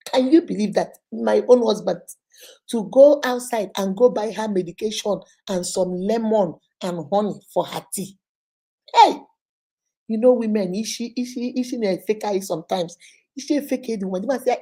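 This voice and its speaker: A woman's voice: mid-range voice, moderate pace, warm tone. A woman hosting an advice show, retelling a viewer's story with dramatic quoted voices.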